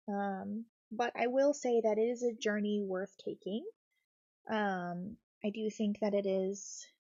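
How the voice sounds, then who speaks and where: Soft-spoken woman with a gravelly edge. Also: on the high side, no echo, dull audio. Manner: soft-spoken, reassuring, gentle. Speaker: craft streamer. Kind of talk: cozy casual chat while building.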